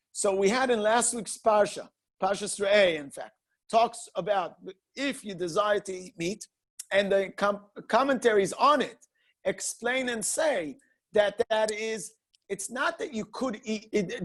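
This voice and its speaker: A man, a rabbi, giving an informal walking Torah class to students, arguing his point by posing rhetorical questions and answering them, animated and full of restarts. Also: high voice.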